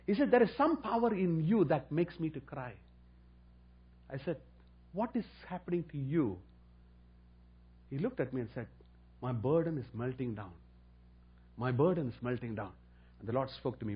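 A man preaching a sermon, telling a testimony and rising to loud emphatic preaching. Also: a little high, big pitch swings, moderate pace, long pauses, breathy edge, lo-fi sound.

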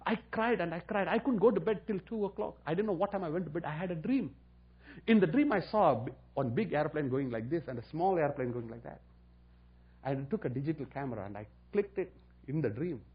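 Husky preacher man, lively delivery. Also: on the high side, brisk, muffled recording. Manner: storytelling, rising to loud emphatic preaching. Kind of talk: sermon with testimony.

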